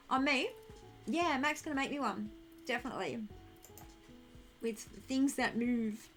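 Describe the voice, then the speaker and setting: A woman's voice: sits high, lively intonation, measured pace, pauses often, a bit bright, soft background music. A young woman streaming a game, chatting casually and thinking aloud while she answers her chat.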